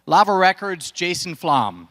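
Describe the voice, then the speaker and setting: A man announcing the next speaker at a conference, booming and pumping up the crowd. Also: sing-song, unhurried, sharp tone. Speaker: event announcer. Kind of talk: stage announcement.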